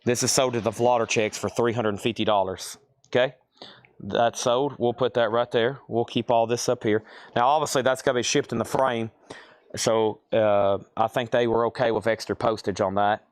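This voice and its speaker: A man's voice: mid-range voice, fairly even intonation, moderate pace, dry recording. Guy running a live poster sale, calling prices and names, dry close sound. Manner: calls out prices and buyer names, thinks aloud. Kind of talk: live auction selling.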